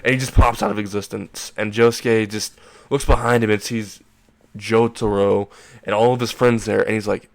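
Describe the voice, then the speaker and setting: A man's voice: fairly low pitch, fairly even intonation, moderate pace, vocal fry. Young man rambling through a fan story. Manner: rambling, crude, laughs at own jokes. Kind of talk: casual fan-fiction narration.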